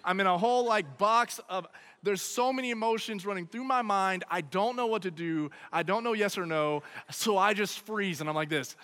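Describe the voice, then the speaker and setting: Animated man telling a story in a hall. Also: high-pitched, moderate pace. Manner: animated, keeps checking in with "okay?" and "right?". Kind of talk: comic personal story told to an audience.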